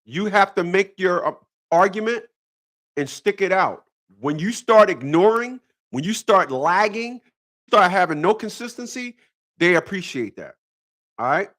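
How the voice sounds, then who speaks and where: A man's voice: high voice, lively intonation, measured pace, fairly bright tone. A man hosting a casual livestream talk, rambling, repeating himself and breaking into laughter. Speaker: channel host.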